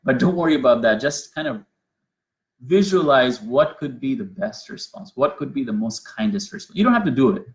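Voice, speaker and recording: A man's voice: mid-range voice, expressive, moderate pace. A man gives an earnest mindfulness lesson, walking through each step. He often restarts his sentences and repeats key phrases as he explains. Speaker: teacher.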